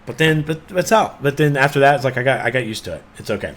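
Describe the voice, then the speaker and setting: Male podcast co-host, mid-pitched, animated and rambling. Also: fast. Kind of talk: casual podcast chat.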